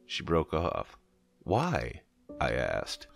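A man narrating a first-person horror story in a measured storytelling manner. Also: extremely low pitch, expressive, creaky. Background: soft background music.

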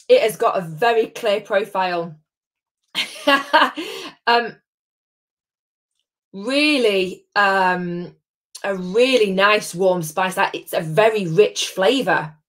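A chatty woman runs a live tasting stream from home. Her voice sits at a middle pitch, and she keeps up a bubbly, friendly chatter, calling out viewers by name between sips. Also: lively intonation, takes it slowly, pauses often, a bit bright. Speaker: host of a live gin tasting.

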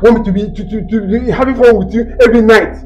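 A man's voice: high voice, steady tone, fast, muffled recording, over music, close to an everyday voice. A man with a Nigerian accent playing an anxious, overprotective husband in a comedy skit, stammering and repeating words when flustered.

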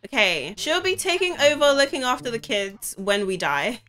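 Bright, excitable young woman gamer. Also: on the high side, normal speed. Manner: excitable, exclaims often. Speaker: gaming YouTuber. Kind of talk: let's play commentary.

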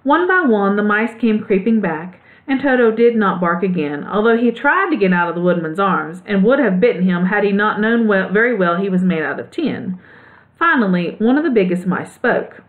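A woman, a teacher, reading a children's storybook aloud in an expressive, animated way. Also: medium pitch, moderate pace. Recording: tinny phone-like sound.

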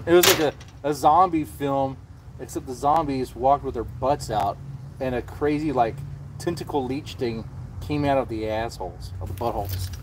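A man's voice: mid-range voice, moderate pace, a little hiss or hum. A man hosting a casual livestream, rambling and swearing freely as he chats. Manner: rambling and profane, with frequent restarts. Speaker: livestream host.

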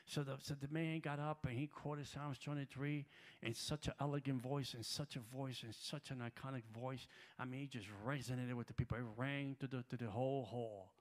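Guy preaching at a church gathering, average pitch, tells stories over and over, gets loud and shouty. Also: fairly even intonation, normal speed. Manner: storytelling with heavy repetition. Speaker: guest preacher. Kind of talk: sermon.

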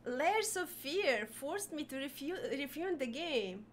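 A woman's voice: high-pitched, expressive, slow, slight background noise. A woman streamer chatting live with her viewers, stammering and giggling through overwhelmed thanks. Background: music.

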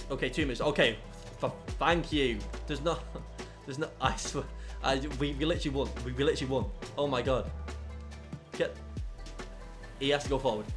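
Young guy yelling and muttering over his football game, bright voice, bit high, faint music behind. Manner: excitable, swings from muttering to yelling. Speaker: gaming YouTuber. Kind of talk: live gameplay commentary.

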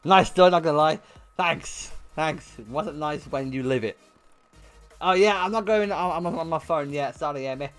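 Animated young man, swearing a lot. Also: on the high side, moderate pace, faint music behind. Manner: animated, heavy swearing, laughs while telling. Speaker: livestreamer. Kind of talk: casual storytelling to stream chat.

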